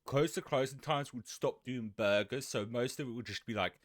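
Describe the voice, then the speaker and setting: A man chatting casually on a live stream, rambling and swearing, growing animated when he rants. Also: mid-range voice, normal speed, dry recording, studio quality.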